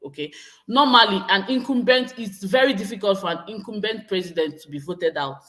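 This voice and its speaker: A Nigerian woman in her thirties hosting a livestream vlog, chatting to viewers in a lively, exclamatory way and reading out their comments. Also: medium pitch, a little fast. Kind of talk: casual livestream talk to viewers.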